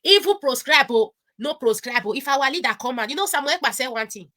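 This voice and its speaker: A Nigerian woman talking excitedly as a guest, slipping into pidgin and laughing often. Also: high voice, fast. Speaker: guest commentator. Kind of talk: animated online discussion.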